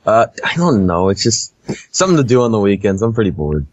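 A man co-hosting a casual podcast, deadpan and easygoing, who laughs often. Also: on the low side, brisk, no room sound, lo-fi sound. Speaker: podcast co-host.

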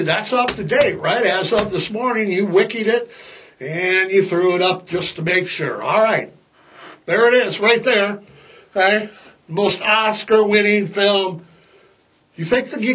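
A man's voice: sits high, fairly bright tone. A middle-aged man hosting a podcast in casual, rambling chat, slipping into playful put-on voices. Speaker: podcast host.

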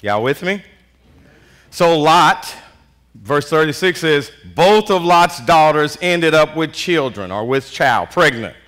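A man preaching as pastor to his congregation, with a bright, ringing voice. His pitch leaps high and low as he calls out and waits for the response. He talks in plain, casual vernacular, full of "y'all". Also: slow. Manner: animated call-and-response preaching with frequent "Amen"; Southern US Black vernacular speech, "y'all". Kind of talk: sermon.

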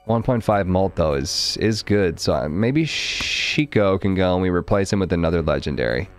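Low-voiced, profane streamer man. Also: animated, normal speed, soft background music. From Arkansas. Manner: profane, wry, talks to his chat. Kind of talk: casual live-stream game commentary.

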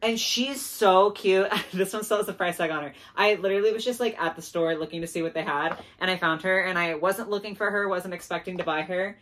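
A young woman chatting casually in a doll haul video, gushing and excitable, laughing often and saying "like" a lot. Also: fairly low pitch, fast talker, hardly any pauses. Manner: gushing, excitable, giggly, lots of "like". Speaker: doll collector vlogger.

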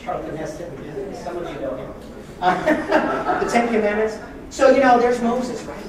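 A man preaching a sermon as pastor, joking and lively with sudden loud bursts. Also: sits high, a little slow, heavy reverb, recorded from a distance, a crowd in the background, low-quality recording.

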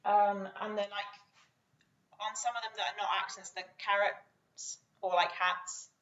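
A woman's voice: mid-range voice, little pitch movement, unhurried, a bit bright, dull audio. A young woman, a violin student, giving brief, hesitant answers with fillers over a video call. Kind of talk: answering in a masterclass.

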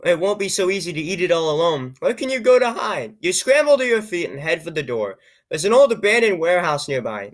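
A man reading an odd, computer-written story aloud, with low-key, wry remarks on the text and frequent stumbles over words. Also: a bit bright. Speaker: YouTuber reading AI-generated stories. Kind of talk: comedic reading with asides.

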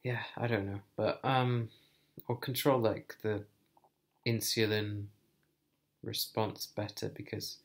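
In a personal vlog, a man talks to camera in a fairly low, fairly even voice. Thoughtful and hesitant, he thinks aloud with many pauses.

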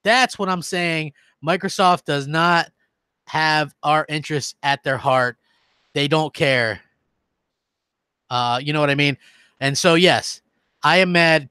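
A man's voice: fairly high pitch, pushed and bright, clean tone, no room sound. A man hosting a gaming stream who rants heatedly and reads out viewer comments. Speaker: gaming channel host. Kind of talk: live-stream rant.

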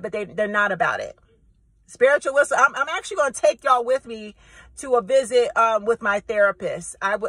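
A woman's voice: mid-range voice, a bit bright, no echo, rough recording. A woman content creator ranting straight to her viewers in a brash, profane, emphatic way, often repeating herself. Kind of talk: direct-to-camera vlog rant.

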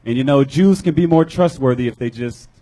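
A man from Georgia doing a live stand-up set at an open mic, halting and apologetic as he stumbles over his jokes. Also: mid-range voice, dark tone, low-quality recording. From Georgia, USA. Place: live comedy club stage.

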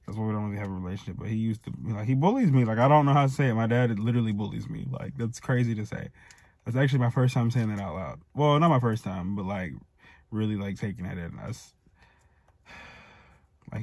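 A man's voice: mid-range voice, animated, a little fast, a little mellow, dry recording. A man in his twenties casually telling a personal story, heated and profane, rambling with many fillers and restarts. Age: 20s. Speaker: storytime vlogger.

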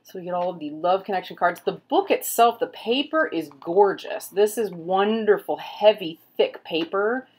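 A woman's voice: mid-range voice, animated, moderate pace, hardly any pauses, darkish tone, breathy edge. A middle-aged woman chatting casually at home as she flips through a book, rambling with lots of fillers. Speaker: tarot reader and vlogger. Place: home room with pets.

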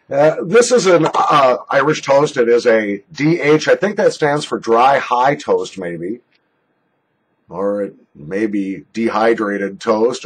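Man, husky voice, mock-dramatic, casual review. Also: mid-range voice, poor audio. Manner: joking, mock-dramatic, jokey put-on Irish phrases. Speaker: snuff reviewer. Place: home basement.

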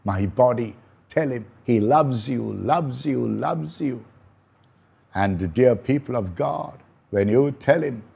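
A man preaching a slow, prayerful sermon, repeating phrases for emphasis. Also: mid-range voice, creaky, a little mellow, husky. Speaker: pastor.

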